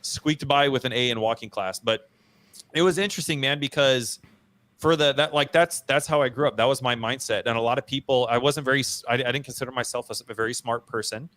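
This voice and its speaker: Brisk and a bit bright, his mid-range voice carries a laid-back podcast where he narrates his own tale. Expect heavy slang, self-mockery, strong emphasis, and plenty of "bro" and "dude."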